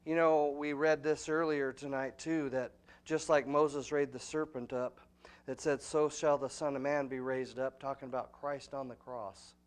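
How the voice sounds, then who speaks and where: A man preaching a sermon as pastor, often asking the congregation questions and saying "amen," dropping to quiet asides and then rising to loud, emphatic points. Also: mid-range voice, level tone, moderate pace, clear, resonant tone.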